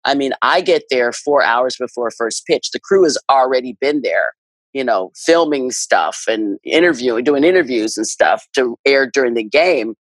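A middle-aged woman chatting as an interview guest, animated and quick to laugh. She repeats words for emphasis and tells stories in an easy, friendly way. Her voice sounds close and dry, with very little room sound. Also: a bass voice, no room sound, poor audio. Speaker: ballpark PA announcer, guest. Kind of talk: casual interview chat.

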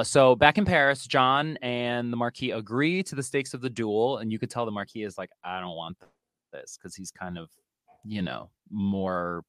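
A man's voice: medium pitch, fairly bright tone, smooth, dry recording, clean studio sound. Chatty man recapping with sarcastic asides. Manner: chatty, sarcastic, filler-heavy storytelling. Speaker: podcast host recapping a film. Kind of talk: casual chat.

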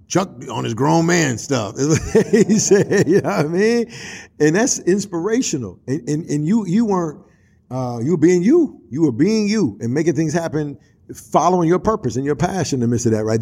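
A man with a husky voice hosts a church radio talk show. He talks in a loose, slangy way and builds his points like a preacher. His delivery is animated and keeps rising into emphasis. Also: fairly high pitch, normal speed. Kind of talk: casual street-ministry talk and storytelling.

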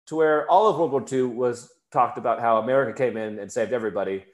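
An enthusiastic young man tells stories in a casual movie chat, his voice ringing in an echoey room. His pitch sits in a plain middle range. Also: fairly even intonation, fairly quick. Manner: enthusiastic, storytelling. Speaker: podcast co-host.

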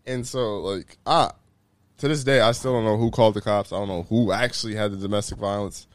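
A man's voice: lowish voice, fairly quick, no room sound. A young man telling a story in casual chat with friends, profane and laughing as he acts out the people in it. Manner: animated, profane, laughing while acting out quotes.

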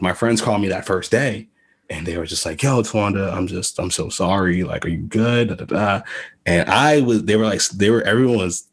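A man's voice: low-pitched, fairly bright tone, breathy edge. A man in casual conversation, rambling and restarting often, swearing freely and acting out quoted remarks. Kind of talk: casual podcast chat.

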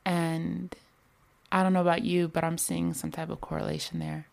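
A woman's voice: on the low side, level tone, moderate pace, vocal fry, darkish tone. A woman hosting a podcast, talking in a rambling, casual way with many fillers. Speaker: podcast host. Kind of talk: casual spiritual podcast monologue.

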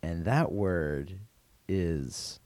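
Speaking extremely slowly in a deep, darkish voice on a dry recording, a man co-hosts a podcast recap of a TV episode. His talk is casual and rambling, with lots of "um" and "uh" and frequent restarts.

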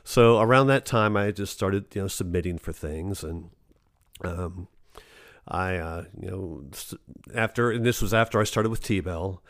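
A man's voice: low voice, measured pace, dry recording, studio quality. A man, an actor telling stories in a casual interview, rambling with many restarts and fillers.

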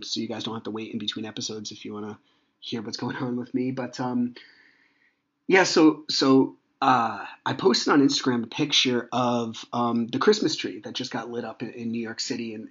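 A husky man in his thirties talks through his week on a podcast in a loose, rambling way, full of fillers and restarts. His voice sits in a middling register and comes through dull and lo-fi. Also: mid-range voice, fairly bright tone. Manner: rambling, conversational, many fillers. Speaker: podcast host. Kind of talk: personal monologue, casual.

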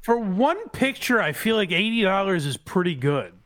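Joking podcast co-host, animated. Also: male voice, high-pitched, normal speed, no room sound. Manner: deadpan jokes, self-deprecating when a joke fails. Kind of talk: casual podcast banter.

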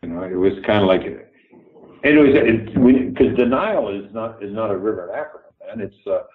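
An older Canadian man with a low voice tells candid, salty stories and acts out every line of dialogue. His voice comes over a thin, phone-like line from a roomy space. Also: animated, brisk. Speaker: guest actor. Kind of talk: casual interview storytelling.

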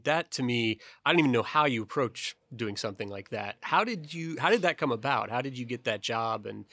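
A man's voice: medium pitch, fairly bright tone, no echo, clean studio sound. A man hosting an interview, asking long, rambling questions that he restarts and rephrases as he goes. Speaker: interview host.

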